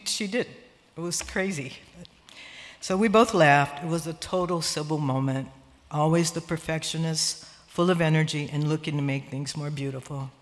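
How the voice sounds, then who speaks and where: Older woman giving a tearful eulogy. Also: deep voice. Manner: tearful, laughing through emotion. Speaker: sister of the deceased giving a eulogy. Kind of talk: emotional memorial eulogy. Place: church sanctuary. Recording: long church-hall reverb.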